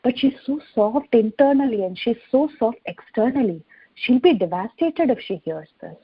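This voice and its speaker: A woman's voice: a little high, animated, normal speed, slightly rough, no echo, lo-fi sound, pitched above the performer's own voice. A woman voicing Rohini, a caring motherly woman who speaks earnestly on another's behalf. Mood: pleading.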